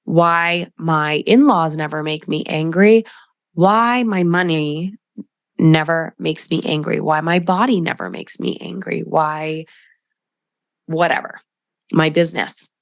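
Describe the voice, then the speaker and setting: A woman's voice: low voice, slow pace, creaky, no room sound. A middle-aged woman hosting a solo podcast as a coach, talking directly and emphatically and acting out quoted voices.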